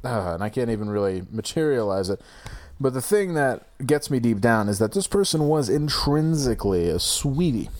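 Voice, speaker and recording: A man's voice: medium pitch, animated, moderate pace, darkish tone. A man telling a breakup story in casual chat, rambling and swearing, often restarting and laughing.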